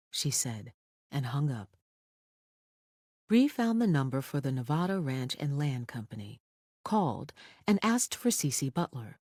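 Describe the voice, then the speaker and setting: Audiobook narrator, thriller, lively pitch, dry close studio sound. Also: a little slow, long pauses, dry recording.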